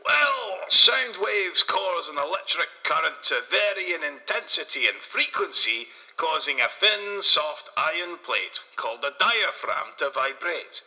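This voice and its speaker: A man doing a brash, swaggering Scottish inventor with a sharp, piercing brightness and a slightly raised pitch. He boasts and curses in broad dialect, and a long reverb trails behind every line. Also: very animated, measured pace, hardly any pauses, heavily acted. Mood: lecturing.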